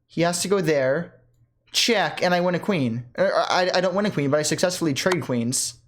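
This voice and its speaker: A chess player giving casual commentary on their own game at home, thinking aloud with quick self-corrections and bursts of excitement. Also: medium pitch, a little hiss or hum.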